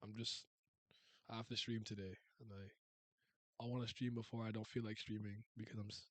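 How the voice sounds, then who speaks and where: A man's voice: lowish voice, little pitch movement, fairly quick, no echo. A man in his thirties, from Canada, chatting casually and rambling with viewers as a streamer. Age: 30s. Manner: rambling, restarts and laughs, uses slang.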